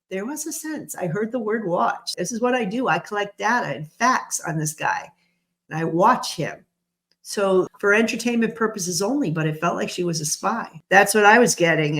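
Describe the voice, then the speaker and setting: A woman's voice: mid-range voice, expressive, unhurried. A woman giving a tarot reading, musing aloud and stressing single words for drama. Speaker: tarot reader. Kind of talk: channeled tarot reading commentary.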